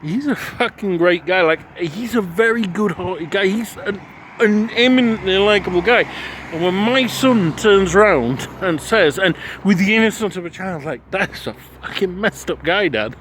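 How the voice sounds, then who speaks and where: A man's voice: high-pitched, moderate pace, fairly bright tone, a little hiss or hum. A man in his forties giving a frank, rambling spoken recap of his travel day, full of restarts and swearing. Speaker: travel vlogger. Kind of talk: casual spoken recap to camera.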